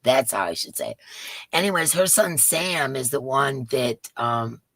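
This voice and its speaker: Craft livestream host, woman, low and gravelly, dry close sound, chatty and warm with viewers. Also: expressive, measured pace, no room sound. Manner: chatty, greets viewers by name, laughs often. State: voice rough today. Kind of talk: casual livestream chat. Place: home craft room.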